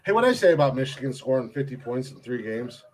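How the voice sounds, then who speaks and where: A man's voice: medium pitch, big pitch swings, quick pace. A man co-hosting a podcast, teasing his friends in casual banter, laughing often and tripping over repeated words. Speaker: podcast co-host.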